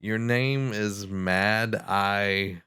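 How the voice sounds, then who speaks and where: A man co-hosting a podcast, jumping in with jokes and quick interjections in casual banter. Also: fairly low pitch, sharp tone, smooth. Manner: jokey, interjecting, backchannel responses. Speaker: podcast co-host.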